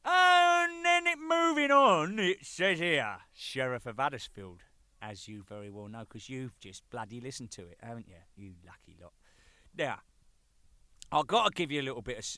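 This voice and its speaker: Man, bright lively voice, cheeky rambling anecdotes, swearing, dry close sound. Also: mid-range voice, moderate pace, smooth, dry recording. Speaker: band drummer presenting a record. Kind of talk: jokey rambling monologue.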